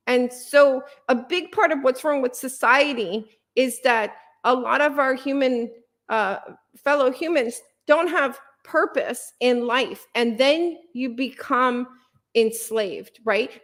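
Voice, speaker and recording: Female podcast guest, earnest and impassioned, fairly high voice, frequent fillers. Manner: earnest, passionate, many fillers and restarts. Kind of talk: conversational interview.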